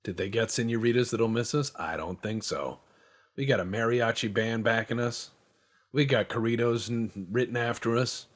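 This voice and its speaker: A man's voice: medium pitch, normal speed. A man giving loose, joking commentary while playing a strategy game, rambling and swearing for laughs. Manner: rambling, joking, profane banter. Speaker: game streamer. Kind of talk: casual gameplay commentary.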